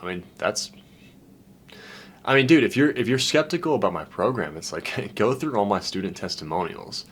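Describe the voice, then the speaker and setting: A man's voice: on the low side, animated, normal speed, breathy edge. A man who works as a dating coach talking in a loose, candid and profane way, heartfelt and emotional about his past, with "dude" and "man" in every other line. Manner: emotional and heartfelt when recalling loneliness. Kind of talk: casual, profane monologue.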